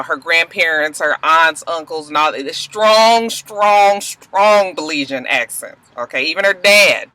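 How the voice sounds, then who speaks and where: A woman from Georgia, chatting casually and animatedly through a TV show review, swearing and laughing as she goes. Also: dry recording. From Georgia, USA. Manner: animated, swearing, laughing asides, big pitch jumps.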